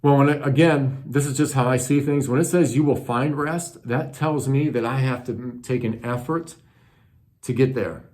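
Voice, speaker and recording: A man's voice: mid-range voice, moderate pace, a little mellow. A man preaching a sermon in an earnest, conversational teaching manner, asking his listeners questions. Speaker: pastor.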